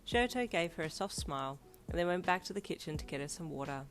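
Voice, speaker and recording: A woman reading fanfiction aloud in a steady storybook narration. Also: lowish voice, quick pace. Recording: soft lofi piano behind.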